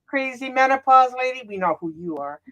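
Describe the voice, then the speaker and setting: A woman's voice: high-pitched, lively intonation, brisk, fairly bright tone, no room sound, lo-fi sound. A woman co-hosting a live stream, talking casually with wry asides and frequent laughs. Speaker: co-host of a live commentary stream.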